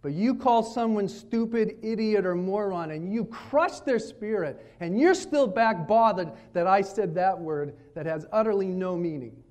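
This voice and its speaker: A man preaching at a retreat, telling stories and acting out his children's lines in a lively, varied way. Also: high voice, unhurried, hardly any pauses. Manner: storytelling preacher, animated, quotes his kids. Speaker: pastor. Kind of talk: sermon at a retreat. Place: retreat meeting room.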